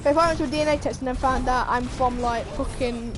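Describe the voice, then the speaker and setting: A young woman streamer reading out a news story while gaming, animated and sweary, laughing as she goes. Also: high-pitched, quick pace, noisy background. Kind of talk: casual commentary while gaming.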